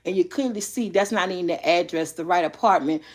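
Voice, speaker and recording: A middle-aged woman vlogger telling a story in a casual chat, animated and often laughing. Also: on the low side, fast.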